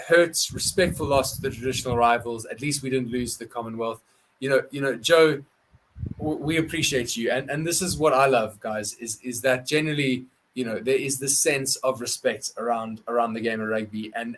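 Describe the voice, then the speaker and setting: A South African man hosting a live-stream rugby wrap-up, excitable and effusive, often repeating words as he talks. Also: mid-range voice. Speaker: sports channel host.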